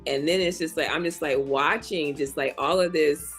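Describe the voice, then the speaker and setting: A woman's voice: low voice, normal speed, soft background music. A woman hosting a casual chat, talking in an affirming, personal way with many fillers. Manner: warm, affirming, chatty with fillers.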